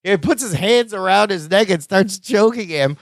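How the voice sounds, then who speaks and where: A man's voice: high-pitched, lively intonation, moderate pace, creaky, no room sound, clean studio sound. A man co-hosting a podcast, recapping a sitcom episode in casual chat and acting out quoted lines in silly voices. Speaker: podcast co-host.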